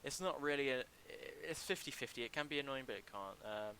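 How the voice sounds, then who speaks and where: Bright-voiced young man streaming, halting. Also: medium pitch, a little hiss or hum, poor audio. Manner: halting, many ums and restarts, chatty. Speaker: livestreamer building a game mod. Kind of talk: casual livestream commentary.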